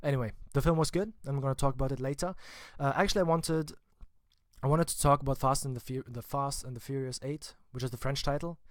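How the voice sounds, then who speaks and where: A man's voice: medium pitch, fast, no echo, clean studio sound. A man giving a casual spoken film review, chatty and informal with wry asides. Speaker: film vlogger.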